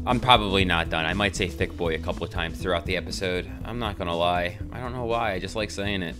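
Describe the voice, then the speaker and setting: A young man hosts his podcast in a relaxed solo monologue, his voice sitting low. He talks loosely and jokily and swears freely, with faint music playing under him. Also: fast talker. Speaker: podcast host.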